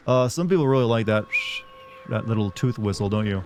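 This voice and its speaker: A man's voice: lowish voice, brisk, noisy background. A young man streaming a game live, chatting casually to his viewers in a rambling way full of fillers. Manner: rambling, talks to chat with many fillers. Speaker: livestreamer. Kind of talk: casual live gameplay chat.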